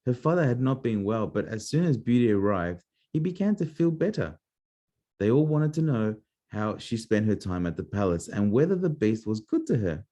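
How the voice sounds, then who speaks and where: A man's voice: on the low side, big pitch swings, moderate pace, warm tone. A man reading a fairy tale aloud to his child as a bedtime story, playful and adding little asides.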